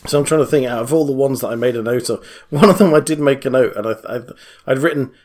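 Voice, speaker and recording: A man's voice: medium pitch, quick pace, a little mellow. A man co-hosting a podcast in casual chat, rambling with many fillers and restarts and laughing at his own jokes. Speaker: podcast co-host.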